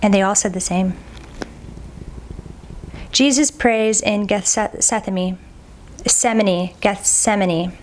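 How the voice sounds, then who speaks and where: Woman steadily reading scripture aloud. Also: medium pitch. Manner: steady, measured reading, stumbles on and repeats hard names. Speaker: Bible reader.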